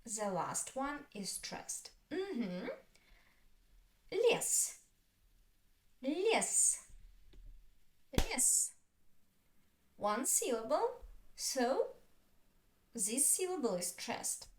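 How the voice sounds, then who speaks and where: Very slow, lively Russian-accented woman teacher. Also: fairly high pitch. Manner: repeats each word slowly, stressing syllables. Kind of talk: slow, drawn-out language lesson. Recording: roomy echo.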